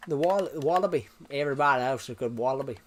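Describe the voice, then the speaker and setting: A man's voice: mid-range voice, fast talker, a little hiss or hum. A young British man streaming live, chatting casually with viewers in a rambling way, full of restarts and fillers. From United Kingdom.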